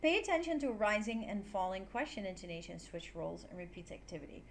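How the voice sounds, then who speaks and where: A woman's voice: medium pitch, animated, fast, slight background noise. A young woman teaching an online English lesson, playfully demonstrating intonation with exaggerated examples.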